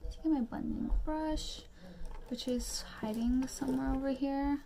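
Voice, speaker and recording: A young woman vlogging a makeup tutorial, rambling through chatty rants and quick asides. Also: high voice, steady tone, dark tone, slight background noise. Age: young adult. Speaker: beauty vlogger.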